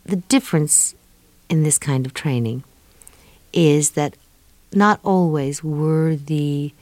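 A middle-aged woman from New York, a guest speaking thoughtfully in an interview and pausing often with fillers. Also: sits low, a little mellow, no echo. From New York, USA. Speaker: guest, author of an autobiography. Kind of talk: reflective interview talk.

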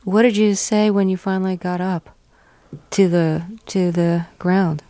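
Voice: medium pitch, steady tone, unhurried, dark tone, dry recording. An interviewer asking a guest prompting, curious questions. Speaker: interviewer host.

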